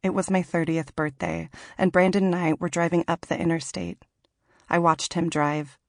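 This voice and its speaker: A woman from Washington narrates her own memoir for an audiobook, unhurried and thoughtful. Her voice sits low and carries a gravelly texture. The recording is dry and close, with no room sound. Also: little pitch movement, dry recording. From Washington, Pacific Northwest. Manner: measured, reflective reading.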